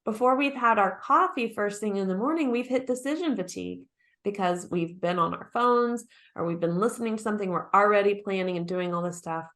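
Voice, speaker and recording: A woman speaking into a stage mic at a conference, with an easy, chatty delivery. She turns to the audience with direct questions and checks in with a quick "right?". Her pitch sits at an ordinary middle height. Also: fairly bright tone. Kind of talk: conference talk.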